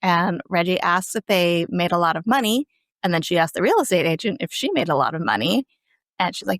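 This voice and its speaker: A woman's voice: fairly low pitch, brisk, no echo, clean studio sound. A woman guest on a podcast, retelling episode scenes in a casual, chatty way. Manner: lively, chatty storytelling. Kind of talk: casual recap chat.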